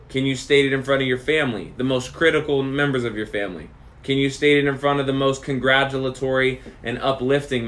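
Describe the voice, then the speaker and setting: A man's voice: medium pitch, fairly bright tone. A man hosting a podcast, talking straight to the listener in an emphatic motivational monologue that repeats phrases for effect. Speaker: podcast host.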